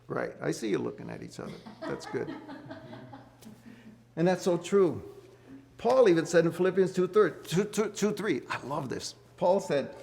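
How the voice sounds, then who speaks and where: A man's voice: sits high, wildly swooping pitch, moderate pace, creaky, darkish tone. A middle-aged man hosting a marriage study group, giving earnest Bible teaching to couples. He repeats key words and asks the group questions.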